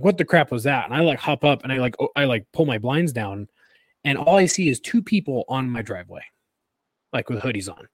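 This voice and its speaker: A man co-hosts a casual podcast, telling loose, rambling stories that stop and restart as he laughs at himself. His voice sits at an everyday middle pitch. The sound is dry and close to the mic. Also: no echo. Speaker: podcast co-host. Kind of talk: casual chat.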